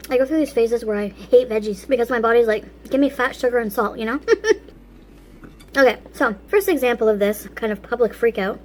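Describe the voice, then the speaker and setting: Woman, high-pitched, chatty story time, laughs often, talks between bites, faint room ambience. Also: a little mellow, slight background noise. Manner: eats and talks with food in mouth. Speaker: vlog host. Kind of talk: casual story time while eating.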